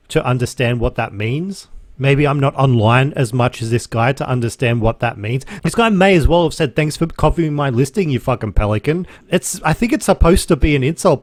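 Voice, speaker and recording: A man's voice: mid-range voice, no room sound. Ranting young Australian man, dry room. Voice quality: animated, swears freely, sarcastic. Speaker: podcast host, reseller. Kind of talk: casual ranting monologue.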